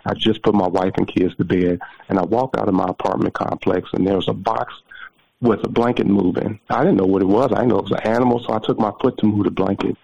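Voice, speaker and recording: A man's voice: lowish voice, steady tone, fast talker, vocal fry, dark tone, husky. A man in his forties telling a personal story as a guest, emotional and repeating his words, heard over a muffled phone line. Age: 40s. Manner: emotional, repeats words, preacherly near the end.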